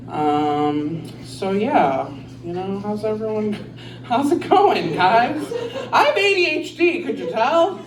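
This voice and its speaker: A woman doing a stand-up set in a bar, rambling and crude, mocking herself on a handheld mic. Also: lowish voice. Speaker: stand-up comedian. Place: bar with a live audience. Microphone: handheld stage mic. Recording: roomy bar, distant mic, crowd laughter.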